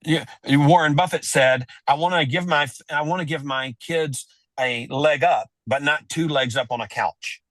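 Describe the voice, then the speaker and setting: A man talking as a wealth adviser guest on a podcast, telling stories with lively acted-out dialogue. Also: fairly high pitch, moderate pace, dry recording. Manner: animated storyteller, acts out quoted dialogue. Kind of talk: storytelling in a podcast interview.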